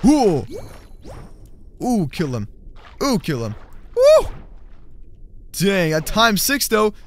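A man giving excited, chatty commentary over a mobile game, with frequent exclamations and laughs, and faint game music behind him. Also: high-pitched, measured pace, a little hiss or hum. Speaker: gaming channel host.

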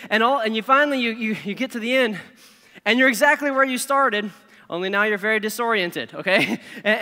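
A middle-aged man, preaching a sermon with animated, self-deprecating storytelling and acted-out inner voices. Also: high-pitched, clean tone. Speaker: pastor. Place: large church hall. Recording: reverberant hall.

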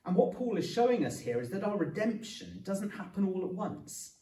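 A man's voice: sits high, sing-song, moderate pace, dark tone, a little hiss or hum. Man preaching in an echoey church hall. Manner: earnest, explanatory, with light humour. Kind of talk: sermon. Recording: echoey church room from a distance.

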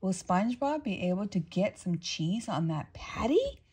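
A woman's voice: medium pitch, very animated, moderate pace, a little mellow, breathy edge. A woman voicing an eager male news reporter in a storybook read-aloud, asking urgent questions.

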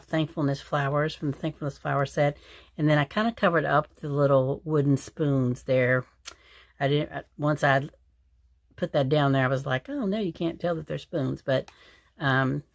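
A woman talks through her craft projects in a loose, rambling way, full of "um"s and restarts. Her voice sits low, and the sound is dry and close with no room echo. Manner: chatty, rambling, many fillers and restarts. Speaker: crafting channel host. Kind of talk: casual craft show-and-tell.

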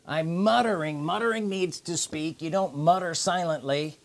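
A man preaching a sermon, emphatic, repeating key phrases with drawn-out pauses. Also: on the high side, expressive.

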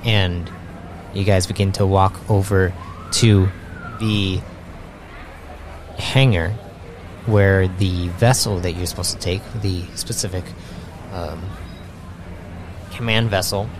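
A man narrating a tabletop game as game master, halting with many restarts. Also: low voice, fairly even intonation, background noise.

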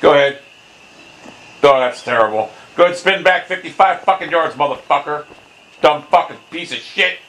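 A young man commentating his own golf video game, hot-tempered and swearing constantly, often bursting into angry shouts. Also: a little high, lively intonation, normal speed, poor audio. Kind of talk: live gameplay commentary.

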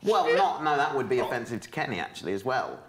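Animated British guy bantering. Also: quick pace. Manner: playful, protesting, expressive swings of pitch. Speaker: streamer. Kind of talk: casual banter among friends.

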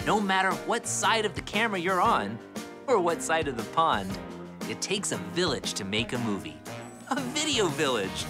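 A man's voice: on the high side, normal speed. A man performing a cheerful, earnest young male puppet who hosts a behind-the-scenes tour with jokes. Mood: playful. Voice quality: lively, eager, exclamatory. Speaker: host. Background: music.

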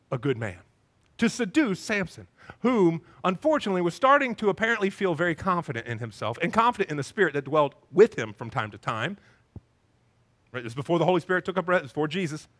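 A male pastor giving a sermon in a church, animated as he acts out scenes with voices and sound effects. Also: on the high side. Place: church sanctuary with a congregation.

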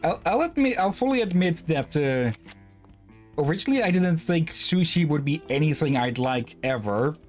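A man's voice: a little high, animated, normal speed, soft background music. A man casually commenting while streaming a game, rambling and self-deprecating, often restarting his sentences. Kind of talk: casual let's-play commentary.

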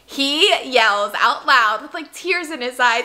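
A woman's voice: high-pitched, lively intonation, takes it slowly, bright, forceful tone, slight background noise. A woman co-hosting a casual podcast chat, telling funny stories animatedly with laughter. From Florida. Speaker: podcast co-host.

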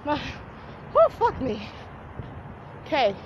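Holding a phone or tablet on a busy city street, a teen girl rambles through a casual vlog, poking fun at herself and cursing nonstop over heavy traffic noise. She speaks slowly in a high voice with huge pitch swings, and the recording sounds muffled.

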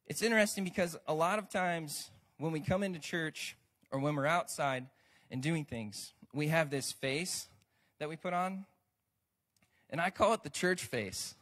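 Brief: American male pastor, high voice, lively conversational sermon delivery. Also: measured pace. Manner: lively, conversational preaching with asides to the congregation.

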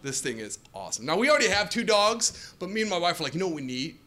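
A man in his forties doing a stand-up comedy set on a club stage, acting out dialogue in animated storytelling, with an audience laughing behind him. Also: high voice, fast talker. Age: 40s. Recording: live club audio with crowd laughing.

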